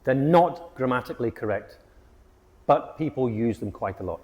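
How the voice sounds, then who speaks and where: A man teaching an English grammar lesson, with a clear and emphatic delivery. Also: medium pitch, lively intonation, moderate pace, a little mellow, big-room sound. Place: hot location.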